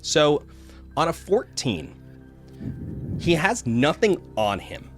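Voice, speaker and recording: A man's voice: fairly high pitch, sing-song, slow pace, faint music behind. A man narrating a tabletop game as game master, rambling with frequent fillers and restarts.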